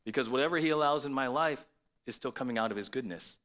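A man's voice: mid-range voice, quick pace, a bit bright. A man preaching a sermon to his congregation, in a conversational style with frequent "right?" asides. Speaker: pastor.

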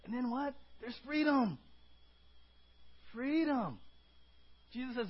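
A man's voice: high voice, normal speed, pauses often, slightly rough, muffled recording. A male pastor giving an emphatic sermon at a church service, asking the congregation questions. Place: church service before communion.

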